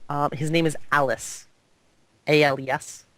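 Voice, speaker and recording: A man's voice: on the high side, level tone, unhurried, a bit bright, no echo. A man running a tabletop game as game master over voice chat, talking hesitantly with many ums as he makes things up. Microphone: online voice chat mic.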